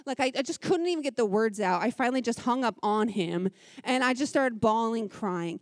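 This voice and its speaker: A woman in her thirties shares a personal testimony at a church women's gathering, in a voice pitched a little high. She talks in a lively, conversational way with quick asides, earnest and heartfelt. The recording is dry and close, with hardly any room sound. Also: dry recording.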